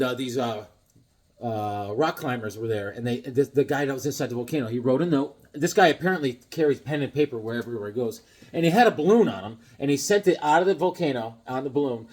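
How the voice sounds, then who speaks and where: Old comic books are the focus as a tired, middle-aged vlogger chats casually, wandering off-topic, joking, and reading comic lines out loud. He speaks at a medium pitch with a darkish tone.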